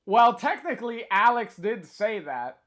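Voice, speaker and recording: Slow, hesitant livestreamer reading a comic. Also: medium pitch, sing-song, a bit bright. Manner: hesitant, with frequent filler sounds; chatty asides to the viewers. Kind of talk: reading a comic aloud on stream.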